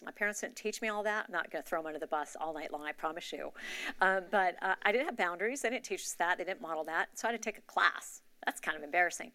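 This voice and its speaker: Her medium-pitched voice sounds bright and forceful as this church member opens up in a confessional, conversational testimony at a church gathering, captured on a dry recording.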